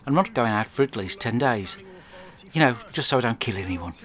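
Crude man, deadpan comic diary, rambling monologue, mid pitch, close mic. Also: brisk. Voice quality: crude, blunt, rambling storyteller.

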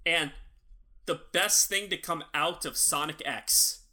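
A man's voice: a little high, slow pace, sharp tone. A young man co-hosting a podcast, chatting casually with a critical, teasing edge. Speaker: podcast co-host. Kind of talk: casual chat.

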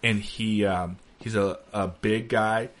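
A man's voice: on the low side, fairly even intonation, slow pace. A man in his thirties co-hosting a podcast, telling funny stories in casual chat and laughing through the punchlines. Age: 30s. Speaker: podcast co-host.

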